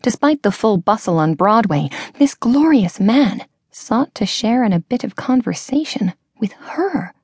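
A woman's voice: a little high, slightly rough, no room sound. Woman reading a romance audiobook, dry. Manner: measured, expressive storytelling. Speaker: audiobook narrator. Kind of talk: scripted narration.

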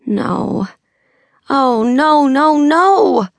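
A woman voicing a fierce, suspicious young woman who is sharp and accusing toward her brother in an audiobook. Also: mid-range voice, lively intonation, slow pace, no room sound, clean studio sound, pitched above the performer's own voice. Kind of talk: audiobook character voice.

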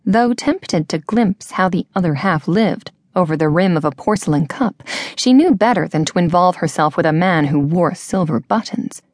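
A woman's voice: lowish voice, no echo. Woman reading a romance audiobook, dry. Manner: measured, expressive storytelling. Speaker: audiobook narrator. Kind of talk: scripted narration.

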